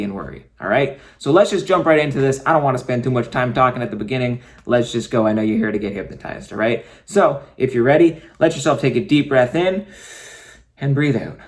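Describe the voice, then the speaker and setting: Male hypnotist at a mid-range pitch for a man, slow soothing delivery, drifts into near-whispers. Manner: slow, soothing, repetitive suggestions, often dropping to a soft near-whisper. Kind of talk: guided hypnosis session.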